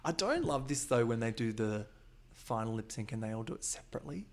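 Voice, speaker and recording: The podcast host speaks at a medium pitch with an expressive delivery. Recapping a reality show alongside his guest, he's chatty, gossipy, and fast to react.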